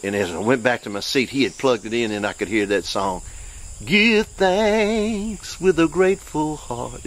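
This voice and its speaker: A man, a preacher and show host who tells stories in a folksy, excitable way, his voice jumping high when he acts out other people. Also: creaky. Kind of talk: informal preaching with storytelling.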